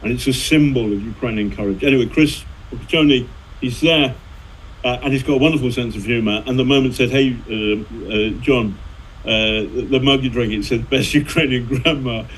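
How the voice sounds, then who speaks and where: A man's voice: medium pitch, a little fast, slight background noise, low-quality recording. A middle-aged man, a journalist and author, telling anecdotes in a rambling way, full of fillers and restarts. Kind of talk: conversational storytelling.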